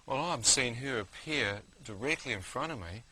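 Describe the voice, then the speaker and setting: New man, bright voice, vivid storyteller, faint hiss. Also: mid-range voice, expressive, moderate pace, low-quality recording. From New Zealand. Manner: vivid, keeps saying "you know what I mean". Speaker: guest. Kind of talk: testimony storytelling.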